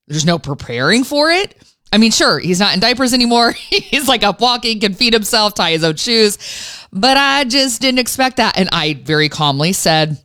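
A woman radio host telling a personal story in an animated, self-mocking way. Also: mid-range voice, normal speed.

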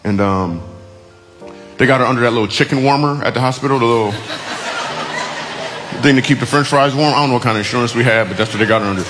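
Fast-talking joking male comedian. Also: mid-range voice, in a large hall, music in the background. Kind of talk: storytelling on radio.

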